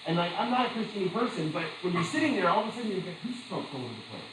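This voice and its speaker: A teacher lectures his class very fast in a slightly high voice, chatty and animated, pausing to tell stories and laugh at them. The room echoes, and a faint hum lingers behind him.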